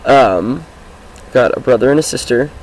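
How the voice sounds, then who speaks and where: A teenage boy talking casually outdoors about his life, with a groggy, hoarse voice and a rambling, upbeat manner. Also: mid-range voice, lively intonation, moderate pace, darkish tone, a little hiss or hum, low-quality recording. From Washington State, US. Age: teens. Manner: rambling, upbeat, many fillers. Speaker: high school student vlogger. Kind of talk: casual self-introduction vlog. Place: outdoors, sitting on his car.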